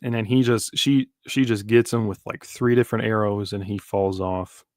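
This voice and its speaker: A man streams a live manga reaction, rambling casually with many fillers and restarts. His fairly low voice has a steady, darkish tone and a moderate pace, recorded with clean studio sound and no room ambience.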